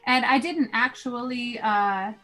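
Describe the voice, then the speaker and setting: A woman at a tabletop game talks through her turn, taking care to explain each choice. Her voice sits somewhat high for a woman. Quiet music plays in the background. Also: slow pace. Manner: explains her moves carefully. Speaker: player. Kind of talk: casual tabletop game talk.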